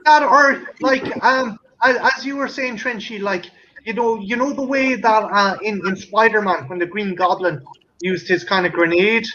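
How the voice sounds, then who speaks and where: A man's voice: high voice, moderate pace, bright, forceful tone, lo-fi sound, slight background noise. An Irish man hosting a casual stream chat, joking and swearing often as he rambles. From Ireland. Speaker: stream host.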